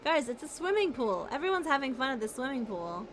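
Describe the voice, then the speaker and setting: A woman's voice: high-pitched, sing-song, fairly quick, fairly bright tone, a little hiss or hum. A young woman casually chatting as she streams a video game, playful and talkative. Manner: chatty, playful, talks to chat and pets. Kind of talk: casual gameplay commentary.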